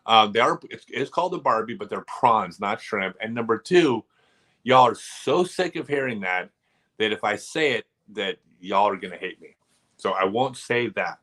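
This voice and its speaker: A man hosting a casual live stream, telling rambling, animated stories full of asides. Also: lowish voice, normal speed.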